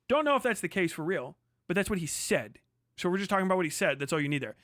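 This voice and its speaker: A man's voice: high-pitched, animated, brisk, a bit bright, dry recording, clean studio sound. A man ranting on a live stream, reacting to a video with profane, mocking commentary.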